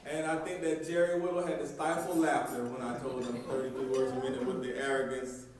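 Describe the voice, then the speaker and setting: A man's voice: medium pitch, flat delivery, a little fast, background noise. Folksy guy speechifying at a banquet, super echoey hall, mic far away. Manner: folksy, emphatic. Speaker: banquet speaker. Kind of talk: storytelling speech.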